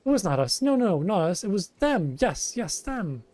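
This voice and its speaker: A man squeaking as a frantic little kobold. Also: big pitch swings, moderate pace, darkish tone. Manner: repeats words in shrill frantic bursts.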